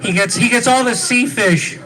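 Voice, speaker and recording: A man's voice: very high voice, normal speed, bright, forceful tone. A man hosting a live roast, joking and laughing at his own lines as he introduces guests. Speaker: emcee of the roast.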